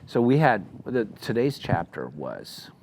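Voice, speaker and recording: A man co-hosting a casual talk, speaking in a slow, halting, reflective way with many restarts. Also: on the low side, very animated, a little mellow, slight background noise. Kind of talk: casual discussion.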